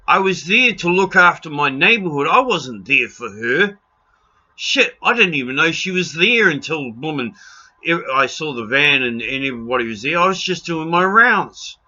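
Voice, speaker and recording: A man's voice: a little high, lively intonation, normal speed, sharp tone, lo-fi sound. A New Zealand man in an impassioned rant to camera, blunt and pleading, raising his voice and swearing freely. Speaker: video blogger.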